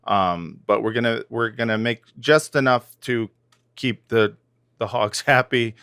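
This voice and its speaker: A man's voice: medium pitch, unhurried, a bit bright, clean tone, no room sound, clean studio sound. A man co-hosting a podcast in casual chat, joking and laid-back, with lots of fillers and restarts. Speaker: podcast co-host.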